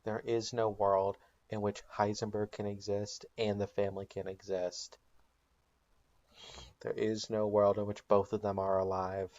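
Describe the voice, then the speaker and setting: A man narrating an invented plot recap for comedy, deadpan and matter-of-fact. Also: lowish voice, unhurried, lo-fi sound.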